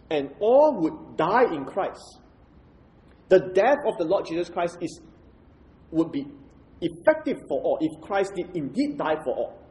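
A man preaching an expository sermon in a measured, explanatory way, posing rhetorical questions to the congregation. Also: sits high, warm tone, rough recording.

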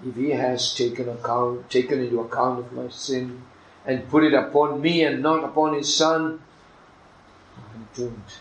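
A man's voice: medium pitch, fairly even intonation, unhurried. Emphatic preacher man in echoey room. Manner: emphatic, swinging from hushed asides to loud exclamations. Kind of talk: sermon. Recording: echoey room with faint ambient noise.

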